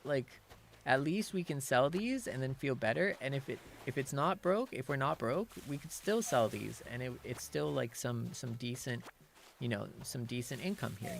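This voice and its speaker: A woman's voice: very deep voice, gravelly, slight background noise. A woman streamer in casual, rambling chat while gaming, laughing at herself often.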